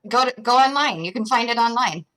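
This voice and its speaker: A woman's voice: fairly high pitch, lively intonation, fairly quick, pushed and bright, rough recording. A woman hosting a casual livestream chat, chatty and playful with frequent giggles. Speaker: host.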